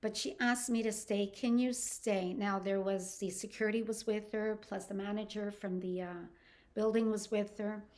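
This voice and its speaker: Older canadian lady podcaster telling a real-life story, earnest, halting, lots of restarts. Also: mid-range voice, little pitch movement. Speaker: podcast host.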